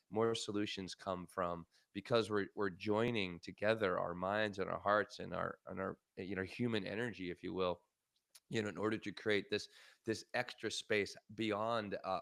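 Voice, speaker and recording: A man's voice: deep voice, a bit bright, dry recording, studio quality. A man co-hosting a podcast and coaching, talking in an earnest, reflective way with many fillers. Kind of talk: casual podcast chat.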